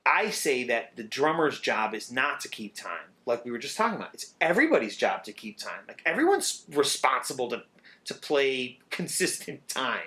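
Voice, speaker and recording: A middle-aged man, a drummer, talking in a casual interview, animated and swearing freely as he sings out rhythms. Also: medium pitch, moderate pace.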